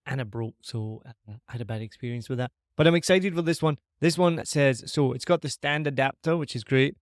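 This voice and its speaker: Speaking a little fast at medium pitch, this Scotsman hosts a podcast and reviews a microphone with upbeat, self-deprecating chatter. The sound is studio quality with no echo, though he's in a large empty living room with shiny surfaces, using a dynamic mic on a boom arm.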